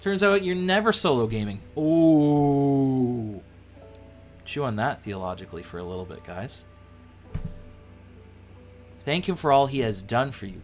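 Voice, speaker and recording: A man hosting a livestream, teaching a Bible passage in a casual, jokey way with sudden jumps in pitch and playful asides.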